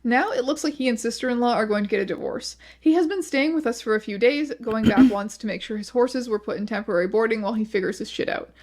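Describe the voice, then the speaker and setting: A woman narrating a video essay, reading online posts aloud in a flat, measured voice. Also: fairly high pitch.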